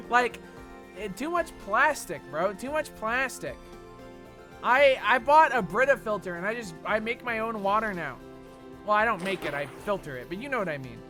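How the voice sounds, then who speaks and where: Lively swearing young streamer guy. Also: high-pitched, moderate pace, faint music behind. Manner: rambling, swears often, lots of fillers. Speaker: game streamer. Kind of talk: casual chat while gaming, reading chat.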